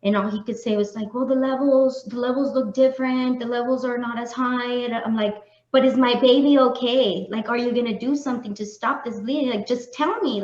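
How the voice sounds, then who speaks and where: A young woman with a fairly high voice tells her own story in earnest, now and then slipping a Spanish word into her English. The sound is dull and lo-fi, and the room echoes around her. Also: a little mellow. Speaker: podcast co-host. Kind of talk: personal storytelling in casual chat.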